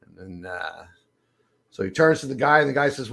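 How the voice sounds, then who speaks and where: A man's voice: mid-range voice, lively intonation, a little fast, creaky, a bit bright, slightly rough. A man hosting a loose comedy show, chatting casually and laughing often. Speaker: host.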